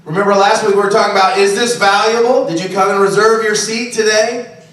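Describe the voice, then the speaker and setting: A man's voice: high-pitched, steady tone, fairly quick, fairly bright tone, a little hiss or hum. A man preaching a sermon in a conversational style, often checking in with listeners by asking "okay?" and "right?". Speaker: pastor. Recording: very echoey, distant room recording.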